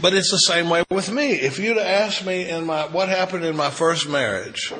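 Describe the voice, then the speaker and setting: A middle-aged man speaking as a recovery-meeting speaker, an animated storyteller who acts out dialogue and restarts his sentences. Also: medium pitch, a little hiss or hum, low-quality recording. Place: retreat meeting room.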